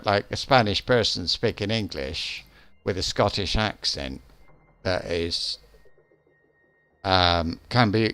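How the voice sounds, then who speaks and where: Slow, low-voiced man chatting on stream. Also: fairly bright tone, dry recording. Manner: rambling, hesitant, with many restarts and fillers. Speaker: game streamer. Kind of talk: casual chat during a live game stream.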